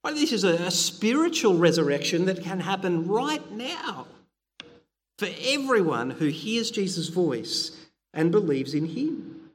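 A man's voice: high-pitched, sing-song, measured pace, big-room sound. A middle-aged man preaching a sermon, earnest and conversational, with frequent fillers and restarts.

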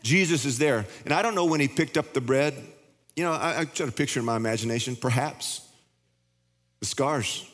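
A man's voice: mid-range voice, brisk, a bit bright. Older male pastor preaching in a hall. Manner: conversational preaching with repeated restarts. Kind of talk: sermon. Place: church sanctuary. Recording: long hall reverb.

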